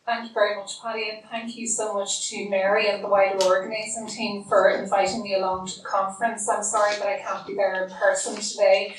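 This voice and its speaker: A middle-aged woman gives an academic lecture by remote link, measured and polite. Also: medium pitch, little pitch movement, far from the mic. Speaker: guest lecturer. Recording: remote audio played in a very echoey hall, faint hiss.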